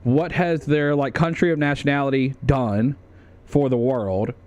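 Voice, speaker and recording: A man's voice: mid-range voice, steady tone, a little slow, a little mellow. A man from the United States doing livestream commentary as he ranks a tier list, rambling and swearing with plenty of fillers and restarts. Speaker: streamer.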